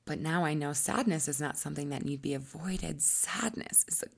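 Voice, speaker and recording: A woman coach talking through a teaching monologue, sometimes acting out quoted voices and dropping into soft asides. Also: sits low, brisk, gravelly.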